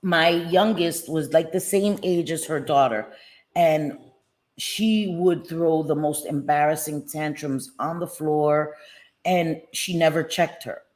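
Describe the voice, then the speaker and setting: A woman's voice: low-pitched, takes it slowly. A middle-aged woman, telling stories bluntly and with profanity on a casual live stream chat. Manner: blunt, animated storytelling with profanity.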